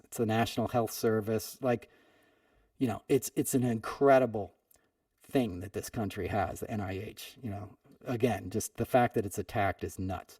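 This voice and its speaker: A man's voice: lowish voice, a little mellow, slightly rough, dry recording. Guy telling a story on his podcast, lots of "you know", kinda far off the mic, dry sound. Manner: conversational, heavy "you know" fillers. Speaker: podcast host. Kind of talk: storytelling monologue.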